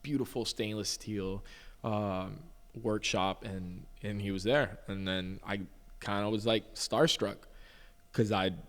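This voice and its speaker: A man's voice: on the low side, slow. Chatty man in reverby room. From Puerto Rico. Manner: animated storyteller, loose and chatty with many fillers. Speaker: chef, podcast guest. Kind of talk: casual storytelling interview.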